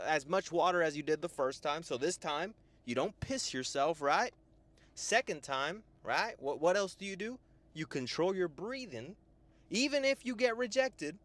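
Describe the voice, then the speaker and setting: A young man and life coach giving a profane, lively motivational monologue, often tagging "right?". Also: on the high side. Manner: animated, profane, full of "right?" tags.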